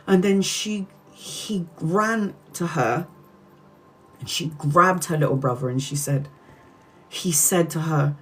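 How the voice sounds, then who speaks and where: A woman's voice: low voice, unhurried. Earnest woman retelling a story. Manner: earnest, animated retelling with many restarts. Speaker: tarot reader retelling a book. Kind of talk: emotional live-stream storytelling.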